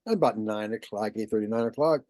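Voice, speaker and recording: Man telling a story, lively, acts out the voices; mellow tone, dry sound. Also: fairly low pitch, brisk, no echo. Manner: animated, acts out quoted voices. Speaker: guest. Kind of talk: casual storytelling.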